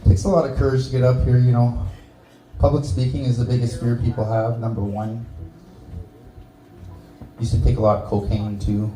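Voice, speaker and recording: A man's voice: mid-range voice, level tone, fairly quick, pauses often, mellow, reverberant, poor audio. A Canadian man doing a stand-up set in a small bar, teasing the audience with crude jokes. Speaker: stand-up comedian. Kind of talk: stand-up set with crowd work.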